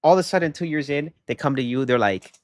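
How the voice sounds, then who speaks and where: A young man chatting casually on a livestream, telling a story in an animated way and rising into loud exasperation. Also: on the high side, quick pace, no room sound, studio quality. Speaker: live streamer.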